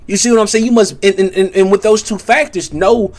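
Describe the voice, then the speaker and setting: Young male content creator with a high voice, halting and repetitive, musing aloud to his audience. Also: steady tone, darkish tone. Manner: halting, many restarts, keeps asking "you see what I'm saying". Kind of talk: rambling spiritual commentary monologue.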